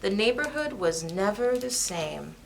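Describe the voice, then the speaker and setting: A woman reading a picture book aloud to children at storytime, lively and expressive. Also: medium pitch, a little slow, vocal fry, a little hiss or hum. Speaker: storytime reader.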